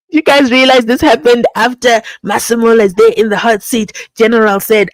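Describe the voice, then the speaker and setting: A woman's voice: a little high, fairly even intonation, normal speed, no echo. Playful woman hosting commentary chat. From South Africa. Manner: playful, teasing, laughs often. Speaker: channel host reading viewer comments.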